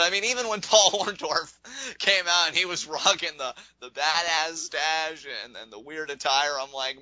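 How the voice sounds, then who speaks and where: A man's voice: a little high, pushed and bright, dry recording, poor audio. A man co-hosting a podcast, chatting casually about wrestling, rambling and laughing as he acts out quotes. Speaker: podcast co-host. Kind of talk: casual wrestling review chat.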